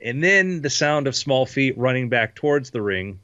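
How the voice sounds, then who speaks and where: A man running a tabletop game as game master, narrating with lively sound effects, on a dull lo-fi recording. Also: medium pitch, moderate pace, smooth, dry recording.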